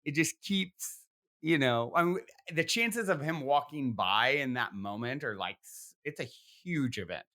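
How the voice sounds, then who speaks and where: Another long personal tale comes from a podcast host whose mid-range voice sounds sharp and animated, though he keeps a measured pace. He wanders through the story, filling it with restarts and verbal fillers.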